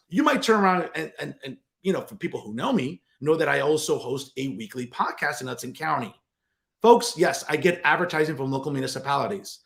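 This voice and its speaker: A man hosting a political commentary show, delivering a combative, sarcastic monologue straight to his viewers. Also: fairly high pitch.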